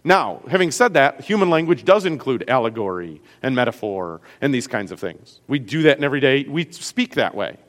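A man's voice: medium pitch, sing-song, a little fast, few pauses, big-room sound. A man with a Great Lakes American accent, a pastor teaching a class on Scripture in a conversational way, often checking in with his listeners. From US Great Lakes region.

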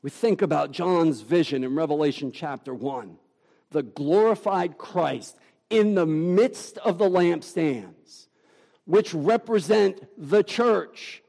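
A man preaching a sermon as pastor, emphatic and deliberate, with dramatic pauses. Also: a little high, expressive, gravelly, mellow, in a large hall.

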